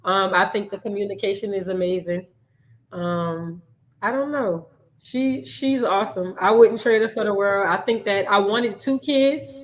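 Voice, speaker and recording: A middle-aged woman, a mother, talking on a show with emotion and hesitation, pausing often. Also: medium pitch, poor audio. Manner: emotional, hesitant, many "um" pauses. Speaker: guest, mother. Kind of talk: casual talk show conversation.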